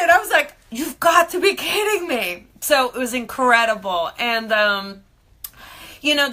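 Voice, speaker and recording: A woman medium hosting a live-streamed show, telling stories in a chatty, animated way and acting out the voices of the people in them. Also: a little high. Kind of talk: live-streamed casual storytelling.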